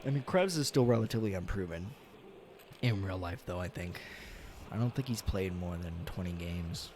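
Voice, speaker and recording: Excitable, swearing young man streaming a game. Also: deep voice, normal speed, noisy background. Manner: excitable, swears often, yells at big plays. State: yawning, tired. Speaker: gaming streamer. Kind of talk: casual game commentary.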